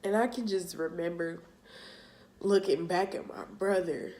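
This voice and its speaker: A young woman telling a personal story for her vlog, halting and emotional, with casual slang. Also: lowish voice, fairly even intonation, mellow. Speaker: vlogger.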